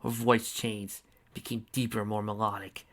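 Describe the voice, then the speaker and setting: A young adult man reading fan fiction aloud in an energetic, playful way, with casual asides. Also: fairly low pitch, normal speed.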